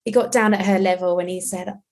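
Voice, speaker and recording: A woman's voice: mid-range voice, steady tone, a little fast, a little mellow. A woman hosting a podcast conversation about parenting, talking in an earnest, reflective way as a mother. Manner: earnest and reflective, acting out quoted lines.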